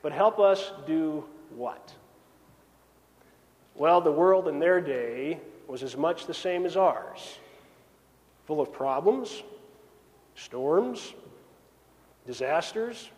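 A man preaching a sermon, swinging between raised emphasis and hushed, drawn-out phrases. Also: a little high, lively intonation. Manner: dramatic swings from loud to hushed. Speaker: pastor. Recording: long reverb of a large hall.

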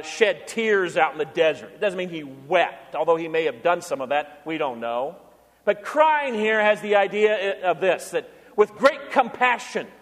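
A man with a high voice preaches an earnest sermon to his church. He slips into the voices of the people he quotes to make his point. His voice rings out with the long reverb of a large hall. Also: a bit bright. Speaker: pastor.

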